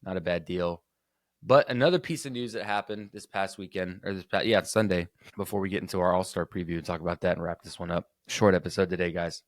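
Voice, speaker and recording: A man's voice: sits low, fast talker, no echo, studio quality. A young man hosting a casual solo sports podcast, rambling loosely with lots of fillers and restarts. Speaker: podcast host.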